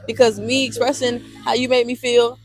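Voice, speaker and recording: Blunt, expressive woman podcast host. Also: fairly high pitch, moderate pace. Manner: blunt, expressive, swears freely. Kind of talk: casual chat.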